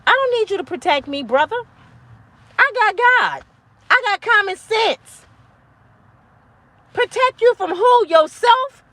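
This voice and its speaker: Blunt, high-voiced woman in her fifties. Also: lively intonation, unhurried, long pauses, no echo. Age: 50s. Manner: blunt, preachy, profane, yelling at times. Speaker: motivational vlogger. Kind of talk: impassioned monologue to camera.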